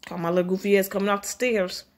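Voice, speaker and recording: A woman hosting a reaction video, commenting in a blunt, profane, casual way with loud exclamations. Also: medium pitch, fairly even intonation, fast. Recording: noisy home recording.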